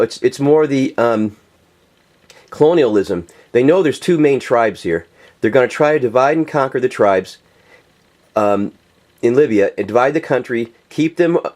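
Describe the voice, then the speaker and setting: Medium-pitched with a darkish tone, a man who comments on politics in videos delivers a profane, casual rant. He addresses his viewers head-on, stumbling through fillers and restarts.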